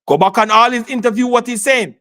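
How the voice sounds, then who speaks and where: A man's voice: very high voice, quick pace, sharp tone. A man arguing heatedly on a sports talk show, insisting and repeating his points. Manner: insistent, repeats himself, talks over others.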